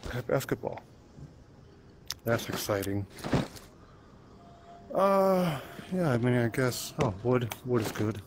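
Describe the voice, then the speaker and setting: A man's voice: medium pitch, moderate pace, long pauses, background noise. A man playing a zombie game, chatting playfully to himself and to the enemies as he goes. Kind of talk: let's play commentary.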